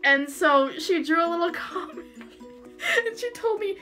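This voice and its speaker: A woman vlogger opening fan mail in a casual chat, excitable and gushing, laughing often. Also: extremely high pitch, moderate pace, soft background music. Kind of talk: casual unboxing vlog.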